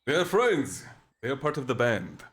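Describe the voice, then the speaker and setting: A man voicing an orc man who is an ally of a rebellion. He speaks in a slow, halting way and repeats his words in a tabletop game. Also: mid-range voice, big pitch swings, a bit bright, breathy edge, voice pushed up, exaggerated voice. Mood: solemn. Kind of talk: tabletop roleplay in character.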